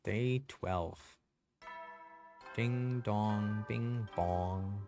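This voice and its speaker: A man's voice: on the low side, drawn-out words, over music. A man streaming a game, chatting in a laid-back, slangy way as he plays. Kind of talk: casual gameplay commentary.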